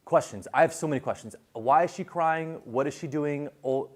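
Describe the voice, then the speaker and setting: A man's voice: a little high, normal speed. A man giving a casual classroom lecture on viral video, chatty, with many fillers and restarts.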